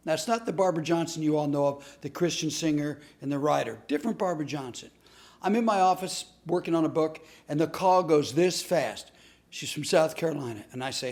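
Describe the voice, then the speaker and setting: Chatty storyteller man, slightly high voice. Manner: chatty, animated, interrupts himself with asides. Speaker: humor speaker and class host. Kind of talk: comic storytelling lesson.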